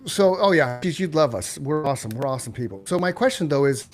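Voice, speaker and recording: A man in his fifties co-hosting a casual talk show, joking and candid in an excitable way. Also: on the high side, fast talker. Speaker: co-host. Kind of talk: casual chat.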